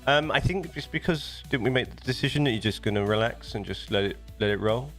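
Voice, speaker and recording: Casual British male streamer, mid-range pitch, loose chatty delivery that restarts a lot, light music bed behind. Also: fast talker, a bit bright. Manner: rambling, chatty, often restarts sentences. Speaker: live streamer. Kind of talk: casual live-stream chat. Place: home desk setup.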